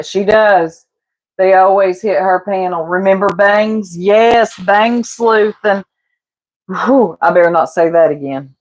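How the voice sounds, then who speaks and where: A woman, casually gossiping and laughing with her livestream chat while she cooks. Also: fairly low pitch. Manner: gossipy, laughing, teasing, addresses chat as y'all. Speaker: livestreamer chatting with viewers.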